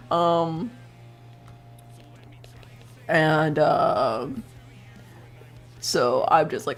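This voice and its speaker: A woman's voice: deep voice, takes it slowly, long pauses, faint music behind. A woman streamer casually recapping a role-play story, rambling, swearing freely and laughing often.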